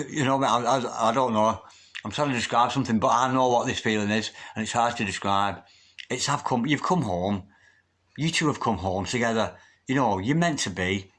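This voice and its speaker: A man's voice: mid-range voice, a bit bright, slight background noise. A man giving a solo tarot reading, effusive and emotional, often repeating chanted invocations. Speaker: tarot reader.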